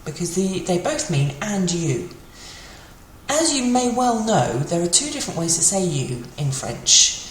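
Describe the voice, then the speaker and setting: A French teacher with a low-ish, animated voice gives a casual spoken language lesson. She's chatty, uses fillers, and repeats example phrases slowly. The room is echoey, with faint ambient noise in the background.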